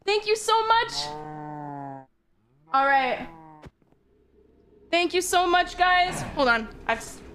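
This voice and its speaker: A woman's voice: very high voice, very animated, slow pace, pauses often, fairly bright tone, slight background noise. A young woman streaming a game, talking emotionally and gushing thanks to her viewers with laughter. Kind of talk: live game stream chat. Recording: game music behind voice.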